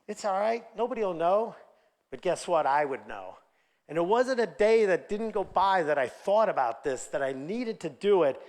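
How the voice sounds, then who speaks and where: Male keynote speaker, lively storyteller, slightly raised pitch, reverberant conference hall. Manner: energetic, animated, acts out quoted dialogue.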